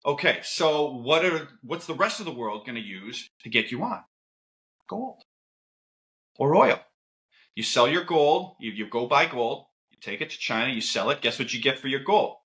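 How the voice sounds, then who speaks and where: A man who is a podcast guest, talking casually and telling stories with quick asides. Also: medium pitch. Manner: animated, lively storytelling with quick asides.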